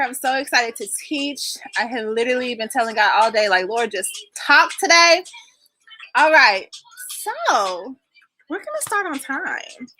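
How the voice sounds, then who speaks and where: High bright woman in her 30s, bubbly livestream host calling out viewers, dry close sound. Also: no echo. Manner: bubbly and effusive, greets viewers by name, uses y'all and sis. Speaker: host of an online class. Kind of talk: casual livestream chat with viewers.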